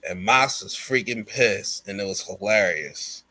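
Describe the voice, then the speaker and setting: A man on a wrestling podcast tells the story of a show, loose and full of slang. His voice is bright and forward. He keeps slipping into the wrestlers' lines as he goes. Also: fairly low pitch, a little slow. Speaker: podcast co-host. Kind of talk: casual wrestling recap chat.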